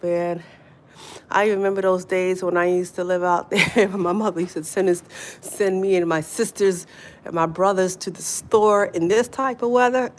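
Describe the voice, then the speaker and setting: A middle-aged woman chatting casually on a livestream from outdoors in the snow, laughing often, with wind behind her. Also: fairly low pitch. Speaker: livestream host. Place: outdoors in snowy weather. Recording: faint wind noise outdoors.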